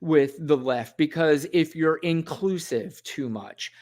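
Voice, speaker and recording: A man's voice: on the high side, slow, darkish tone. A man co-hosting a podcast, speaking frankly and bluntly in casual chat. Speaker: podcast co-host.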